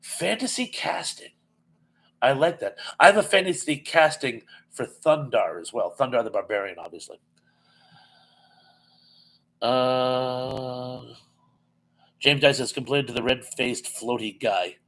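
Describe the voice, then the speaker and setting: A man's voice: mid-range voice, expressive, a little slow, pauses often, fairly bright tone, low-quality recording. A man hosting a casual live-stream chat, reading viewer comments aloud with lots of ums and easy laughs. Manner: chatty, laughs easily, reads comments aloud with many fillers.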